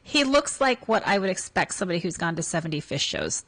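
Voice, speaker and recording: A woman's voice: on the low side, very animated, fast, noisy background. A woman hosting a casual studio radio chat, reading dating profiles aloud with playful, wry asides. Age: over 33. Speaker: radio show host.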